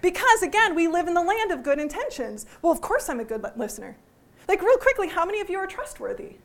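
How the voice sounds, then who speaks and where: A woman teaching a workshop to a live audience, lively and joking, often putting questions to the room. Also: extremely high pitch, fast. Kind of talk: interactive workshop talk.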